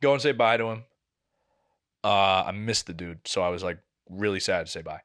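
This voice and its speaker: A young man in his twenties telling a long story on a casual podcast, profane and animated, acting out what people said. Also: deep voice, moderate pace. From New England. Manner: animated, profane, acts out quotes. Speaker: podcast co-host.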